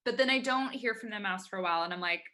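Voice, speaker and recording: A woman chatting casually as a guest, telling animated stories and acting out the voices in them. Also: medium pitch, fast. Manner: animated storyteller, acts out voices in her anecdotes. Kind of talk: casual chat.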